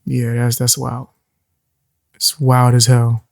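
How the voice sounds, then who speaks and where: A man hosting a casual reaction video, his voice raspy and strained from overuse, chatting in a relaxed, thinking-aloud way. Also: medium pitch, slow, dry recording, studio quality.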